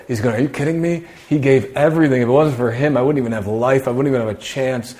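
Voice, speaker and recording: A man preaching a sermon in a conversational way, asking rhetorical questions and often dropping his voice low for emphasis. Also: quick pace, few pauses, a little mellow.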